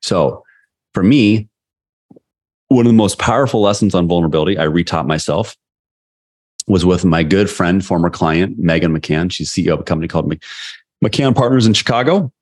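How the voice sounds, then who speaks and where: A man's voice: low voice, fairly quick, pauses often, a little mellow. A man, a sales leadership coach, talking candidly as a podcast guest and retelling conversations as anecdotes. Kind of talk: casual interview storytelling.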